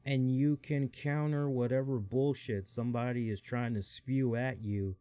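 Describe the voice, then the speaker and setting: A man's voice: medium pitch, steady tone, measured pace, mellow, smooth, no room sound. A man hosting a wrestling podcast, talking loosely in a casual chat and repeating his phrases. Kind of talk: casual chat and reading a quote aloud.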